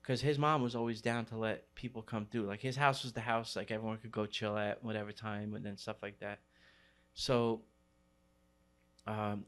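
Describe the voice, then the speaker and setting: New man telling a street story. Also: lowish voice. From New York City. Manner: street slang, many fillers. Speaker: graffiti writer. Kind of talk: storytelling interview.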